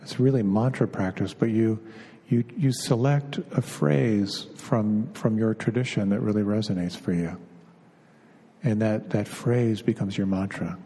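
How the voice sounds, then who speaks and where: A middle-aged man, a meditation teacher, giving an unhurried spiritual talk, pausing and repeating words as he goes. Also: lowish voice, mellow, slightly rough. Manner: unhurried, halting, often repeats words as he searches. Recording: long reverb of a hall.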